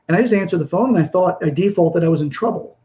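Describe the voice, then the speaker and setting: A man's voice: sits high, fast, mellow, lo-fi sound. A man hosting a self-help talk, speaking earnestly in a rambling monologue with frequent restarts. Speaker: podcast host. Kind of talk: motivational monologue.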